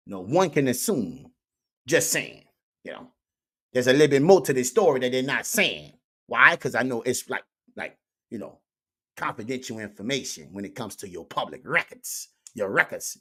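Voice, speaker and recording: A man's voice: mid-range voice, a bit bright, husky. A man doing comedic social media commentary in a preachy way, repeating catchphrases to his viewers. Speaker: online commentator.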